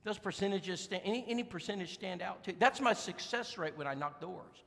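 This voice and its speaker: A man preaching, telling folksy stories in an animated, emphatic way to a congregation in a church. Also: high voice, brisk, vocal fry, long reverb tail. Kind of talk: sermon storytelling. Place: church sanctuary.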